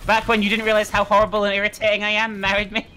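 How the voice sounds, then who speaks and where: A woman streamer chatting casually during a multiplayer horror game, excitable and quick to shriek and laugh. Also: mid-range voice, slight background noise. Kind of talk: casual gaming chat.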